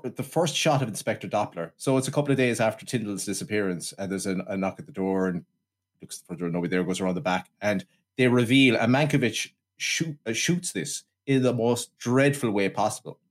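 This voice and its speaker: A man's voice: on the low side, fairly quick. A man co-hosting a casual film review podcast, sweary and riffing, slipping into voices to mock what he saw. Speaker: podcast co-host.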